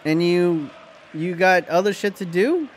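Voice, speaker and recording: A man's voice: sits high, expressive, unhurried, slight background noise. A man with an American accent, from Canada, streaming live and ranting profanely at his chat between reactions to a football match.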